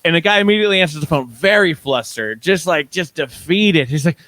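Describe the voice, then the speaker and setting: A man co-hosting a podcast, telling an animated story and acting out both sides of a phone call. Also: on the high side, a little fast, dry recording. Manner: animated storyteller, plays out dialogue. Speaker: podcast co-host. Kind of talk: casual banter.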